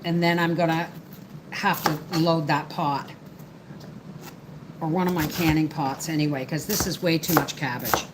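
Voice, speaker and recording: Slow, chatty homestead woman. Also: deep voice, steady tone, noisy background. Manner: rambling, chatty, reads out viewer comments. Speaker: homestead livestream host. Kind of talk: casual live-stream chat while working.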